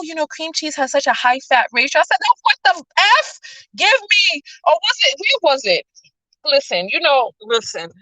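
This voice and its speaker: A woman with a New York accent chats casually to her viewers. Her voice is bright and sits a little high, and it jumps up in sudden exclamations as she tells her stories. The sound is dry and close. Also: no echo, low-quality recording. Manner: chatty, animated storytelling with sudden high exclamations. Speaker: vlogger and show host. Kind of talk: casual livestream chat. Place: outdoors on a city street.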